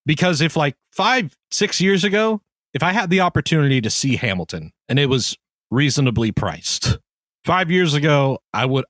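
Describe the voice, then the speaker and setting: A man co-hosting a comedy podcast, animated and quick to get heated, laughing often. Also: fairly high pitch, no room sound, clean studio sound. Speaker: podcast co-host. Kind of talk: casual comedic chat.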